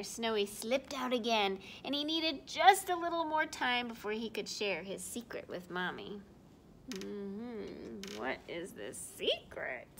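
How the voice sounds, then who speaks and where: A woman reading a picture book aloud to young children, animated and drawn-out, asking her listeners questions. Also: on the high side, creaky, slight background noise. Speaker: storyteller for children.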